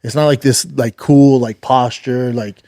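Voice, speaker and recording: A man who once fought, co-hosting a podcast and telling stories with lively quoted voices, often trailing off quietly. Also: medium pitch, unhurried, no echo, clean studio sound. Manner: storytelling, animated quoting, trails off quietly. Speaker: podcast co-host, former fighter. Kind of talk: casual chat.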